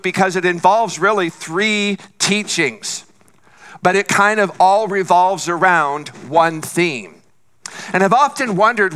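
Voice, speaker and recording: Slow, bright-voiced male pastor preaching. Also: high-pitched, smooth. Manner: earnest, repeats for emphasis. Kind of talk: sermon.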